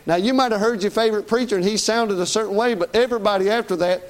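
Man, preacher, folksy sermon, conversational, high-pitched voice. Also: fast.

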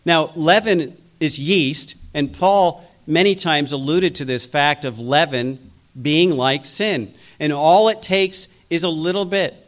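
A man preaching a sermon, acting out biblical figures' voices as he goes. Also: a little high. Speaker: pastor.

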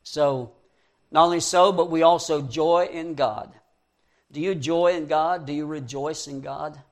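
A man's voice: fairly high pitch, unhurried. A man preaching a sermon, reading scripture verse by verse and rising to fervent emphasis.

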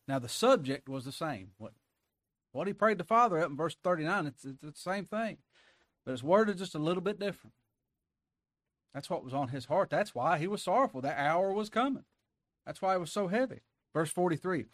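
A man preaching a sermon in a conversational way, dropping to soft asides and rising to emphatic cries, often ending with tag questions. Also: fairly high pitch, animated, moderate pace, dry recording, clean studio sound.

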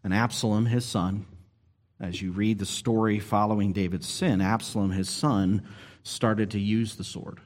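A man preaching a sermon as pastor, earnest and expressive, pushing key words up and slowing down to stress a point. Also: lowish voice.

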